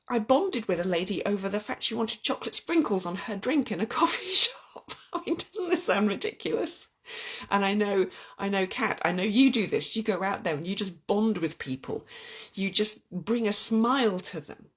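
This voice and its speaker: A woman's voice: mid-range voice, husky. A woman hosting an earnest, heartfelt spiritual chat about love and oracle cards, often restarting her sentences. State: getting weepy. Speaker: spiritual channel host.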